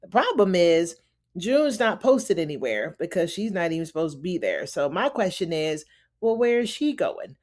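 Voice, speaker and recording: A woman's voice: lowish voice, moderate pace. Chatty woman recapping a TV drama. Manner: animated, acts out characters' lines in shifting voices; chatty, addresses listener as honey. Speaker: TV recap reviewer. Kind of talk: casual recap with acted-out quotes.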